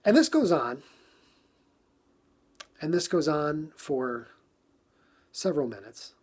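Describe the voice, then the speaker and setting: A man's voice: a little high, big pitch swings, takes it slowly, slightly rough. A man from New York telling a casual story on a phone livestream, acting out his own frustration with lots of repetition.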